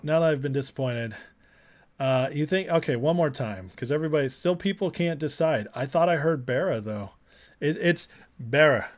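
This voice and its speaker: A man's voice: on the high side, fairly bright tone. A man hosting a political livestream, chatting loosely with viewers, rambling and repeating himself, then closing with a spoken prayer. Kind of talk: casual live-stream commentary and closing prayer.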